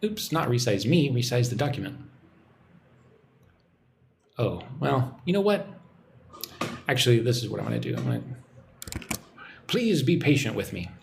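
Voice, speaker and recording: A man giving a live-streamed English lesson, relaxed and chatty as he reads out viewer comments. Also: medium pitch, normal speed, gravelly, pauses often, slight background noise. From United States. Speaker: English teacher.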